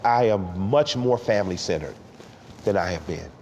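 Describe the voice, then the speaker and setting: A middle-aged man from Atlanta, talking candidly and emotionally in a sit-down interview, with halting restarts. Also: low voice, animated, a little mellow, muffled recording. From Atlanta, Georgia. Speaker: interview guest. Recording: roomy hall with faint background noise.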